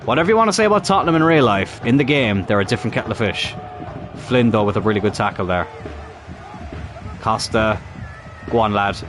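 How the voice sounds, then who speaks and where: A man's voice: fairly low pitch, expressive, fairly quick, pauses often, over music. A man commentating his own football game as he plays, exasperated and swearing, urging on his players. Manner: frustrated, swearing, talks to the players on screen. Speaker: gaming YouTuber playing a football career mode. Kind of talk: live gameplay commentary.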